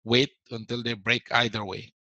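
A man's voice: medium pitch, little pitch movement, moderate pace, sharp tone, dry recording, dull audio. A man teaching a live trading webinar, repeating his points and answering viewers as he goes. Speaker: forex trading instructor.

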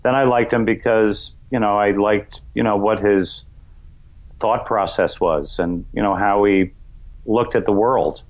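A middle-aged man from New York's Westchester County, a comedian guest talking in a loose, rambling way, full of "you know" fillers. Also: unhurried. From Westchester County, New York. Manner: acts out voices in high shouts. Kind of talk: casual interview chat.

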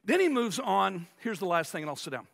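A man preaching a sermon as pastor, emphatic and lively, sometimes acting out whiny complaints. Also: sits high, fairly quick, gravelly. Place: large church sanctuary. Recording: long reverb of a church hall.

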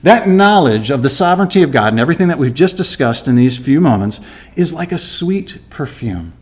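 A man preaching a chapter-by-chapter Bible study in a lively, chatty way. His slightly high voice swings up and down as he throws rhetorical questions at the listeners and acts out the story. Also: a little fast, husky. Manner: animated, conversational, rhetorical questions, acts out quotes. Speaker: Bible teacher at a church. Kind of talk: verse-by-verse Bible teaching.

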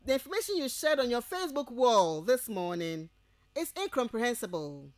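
Addressing university students on the radio, a woman with a Ghanaian English accent restates each point slowly, as if dictating, and checks they're following. Her fairly high voice swings widely in pitch, with no echo.

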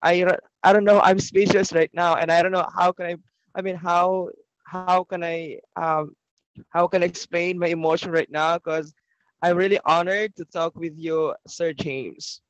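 Excited man, smooth clear voice. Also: sits high, no room sound, poor audio. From Philippines. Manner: excited, halting, many restarts and self-corrections. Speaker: English teacher and linguistics postgraduate. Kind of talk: casual online class chat.

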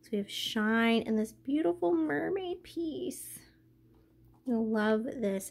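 A young woman chatting casually as she unboxes a craft package, gushing and excited, gasping often. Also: sits high. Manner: gushing, excited, many gasps and "oh my gosh". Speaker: craft vlogger.

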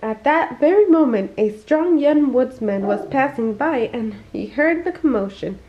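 A woman reading a children's bedtime story aloud, expressive and slowing down for emphasis, on a dull lo-fi recording. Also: high-pitched, slight background noise. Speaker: family storyteller.

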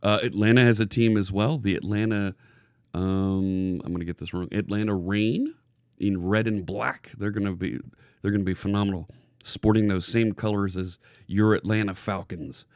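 Chatty man with a low, gravelly voice. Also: fairly even intonation, normal speed, darkish tone, no room sound, studio quality. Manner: chatty, greets chat viewers by name, restarts phrases. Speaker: live-stream coding host. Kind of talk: casual live-stream chat. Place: home studio with green screen. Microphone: hidden desk microphone.

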